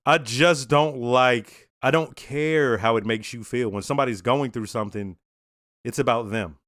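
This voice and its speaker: A man's voice: mid-range voice, normal speed, fairly bright tone, no echo, studio quality. A man hosting a reaction video, giving casual commentary with blunt swearing and frequent laughs.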